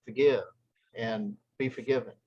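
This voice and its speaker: A man leading a group discussion, telling a long story in a halting way, with many restarts. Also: mid-range voice, steady tone, a little mellow, slightly rough, lo-fi sound.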